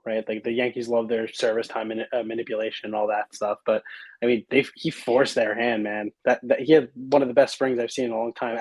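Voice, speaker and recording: A man's voice: medium pitch, no echo, rough recording. A man co-hosting a sports podcast in casual chat, blunt and opinionated with a loose way of talking. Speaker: podcast co-host.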